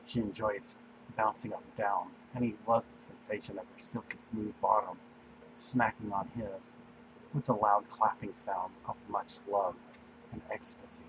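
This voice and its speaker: Low-voiced man reading a fan story. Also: background noise. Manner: unhurried, meandering, with fillers. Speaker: story reader. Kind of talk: amateur fan-fiction reading.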